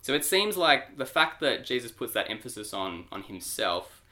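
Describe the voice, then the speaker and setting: A man co-hosting a church podcast, explaining Bible passages in a lively, teacherly way. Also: medium pitch, normal speed. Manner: explanatory, animated. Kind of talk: podcast discussion.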